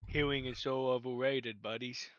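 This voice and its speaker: A man's voice: mid-range voice, steady tone, normal speed, dry recording, lo-fi sound. A man co-hosting a podcast, casually recapping a movie with lots of laughter and profanity. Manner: laughing, profane, acting out quotes. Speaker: podcast co-host.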